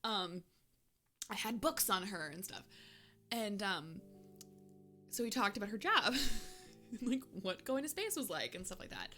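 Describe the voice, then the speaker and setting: A woman's voice: medium pitch, very animated, measured pace, pauses often, pushed and bright, faint music behind. A woman streamer telling a personal story in casual chat, laughing often and using lots of filler words.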